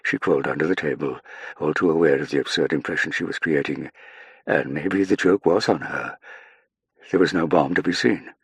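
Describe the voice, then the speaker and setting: A man narrating an audiobook in a measured, even storytelling manner. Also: very deep voice, vocal fry, husky, no echo. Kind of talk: scripted narration.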